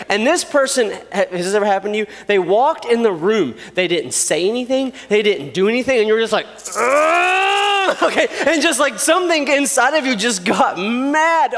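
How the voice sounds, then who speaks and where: High, animated man preaching to youth. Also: big-room sound. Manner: animated, playful, acts out scenes. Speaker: youth pastor. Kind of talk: youth sermon.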